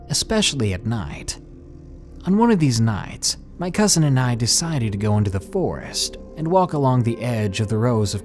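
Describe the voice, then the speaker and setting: A man reading a scary true story aloud in slow, hushed, dramatic narration, with faint music behind him. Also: medium pitch. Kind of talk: scripted horror story narration. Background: faint background music.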